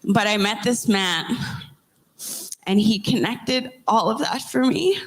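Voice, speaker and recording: Brief: young woman host, earnest and emotional, halting heartfelt storytelling. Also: mid-range voice. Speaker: podcast host interviewing survivors. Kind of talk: heartfelt personal storytelling and questions.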